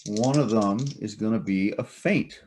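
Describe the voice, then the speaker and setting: Very deep-voiced male game master. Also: a little slow, darkish tone, slight background noise. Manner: explains at length with many fillers and restarts. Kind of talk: narrating a tabletop game.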